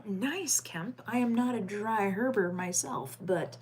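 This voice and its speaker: A woman's voice: medium pitch, measured pace, hardly any pauses, a little hiss or hum. A woman hosting a late-night livestream, chatting with viewers by name and reading crime headlines aloud. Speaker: livestream host.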